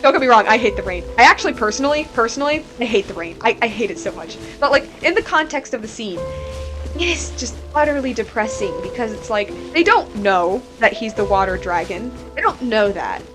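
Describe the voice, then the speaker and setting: A woman's voice: on the high side, animated, a little fast, music in the background. A woman streamer talking casually about a game, rambling and candid, filling her talk with "like". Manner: rambling and candid, heavy with "like" fillers.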